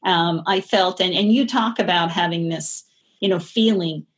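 A woman's voice: lowish voice, normal speed. A middle-aged woman as an interview guest, talking in a rambling, chatty way with many restarts and light laughter. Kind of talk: casual interview conversation.

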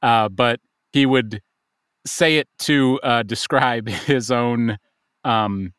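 A man telling stories in casual podcast chat, unhurried with many fillers. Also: mid-range voice, fairly bright tone, smooth, no echo, studio quality. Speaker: podcast guest.

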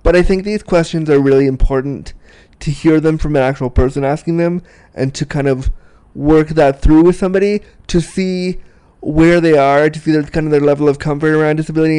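Chatty podcast host, mellow and smooth. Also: male voice, on the high side. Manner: chatty, excitable, laughs often. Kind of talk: casual podcast interview. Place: small apartment room. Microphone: desk mic, guest sharing it.

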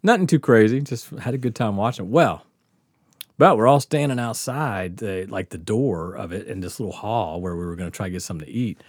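A man's voice: lowish voice, fairly quick, no echo, studio quality. A middle-aged man, telling a rowdy, profane story on a podcast and laughing as he talks. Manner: rowdy, profane, laughs through his stories. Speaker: podcast host. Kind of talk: casual storytelling.

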